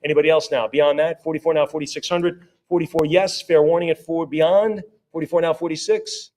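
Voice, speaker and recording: A man working as an auctioneer at a live sale, rattling off rising bids in quick repeated calls and breaking off for friendly asides about the items. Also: a little high, steady tone, a little mellow. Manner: rapid repetitive bid calling with chatty asides.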